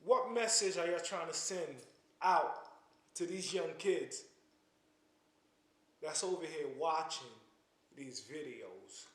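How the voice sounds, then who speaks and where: A man speaks in a fairly high voice, lecturing with real passion and tripping over repeated words as he pushes his point. The sound carries a noticeable room echo, as if recorded in a bare space. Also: animated, slow pace, pauses often. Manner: impassioned, stammering restarts, preachy. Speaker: commentary channel host. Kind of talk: casual spoken commentary to camera.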